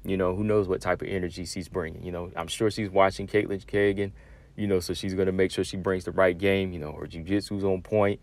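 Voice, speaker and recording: A man's voice: low voice, flat delivery, brisk, darkish tone. A man hosting a solo fight-talk show, casual and conversational, full of asides and fillers. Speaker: MMA commentary host.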